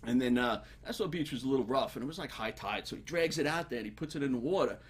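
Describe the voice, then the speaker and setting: Husky male guest, animated casual storyteller. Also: medium pitch, fast talker. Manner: animated, laughing while telling stories.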